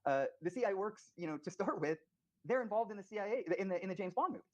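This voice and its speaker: A scholar man answering interview questions in a measured academic manner, with frequent "uh" fillers. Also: sits high, lively intonation, dull audio.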